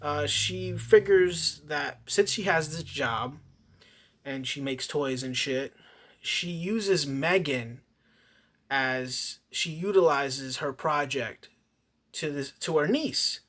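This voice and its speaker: Taking it slowly, a man whose voice is on the high side and fairly bright rants about a film in a casual review. He swears heavily and rambles, restarting often along the way.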